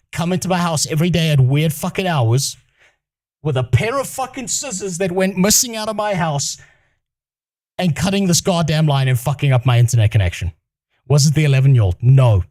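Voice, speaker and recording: A man's voice: a little high, a little mellow. Swearing, heated male streamer. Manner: profane, heated, swears constantly. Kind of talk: casual storytime rant.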